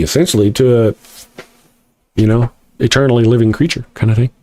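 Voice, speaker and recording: A man's voice: medium pitch, fairly even intonation, fairly quick, pauses often, mellow. A man hosting a casual livestream and reading chat aloud, joking and sarcastic with rambling asides.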